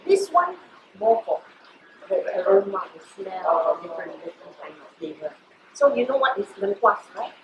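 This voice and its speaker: A woman's voice: medium pitch, sing-song, normal speed, lo-fi sound, noisy background. A middle-aged woman with a Malaysian accent, a chef giving a chatty, explanatory cooking class in a hotel kitchen and often checking in with her listeners. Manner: chatty, explanatory, checks in with "you know" and "all right". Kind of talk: live cooking demonstration. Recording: echoey kitchen.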